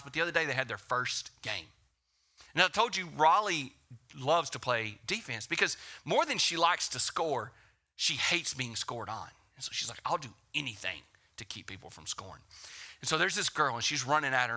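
A man in his thirties, a pastor preaching in a casual, conversational way, telling stories with acted quotes and dropping into hushed whispers. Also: medium pitch, animated, a little fast. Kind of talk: sermon with personal stories.

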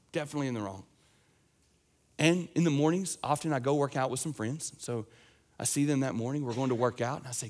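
Young man, pastor, sermon, earnest, emphatic, slightly high voice. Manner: earnest, emphatic preaching with wide swings in loudness.

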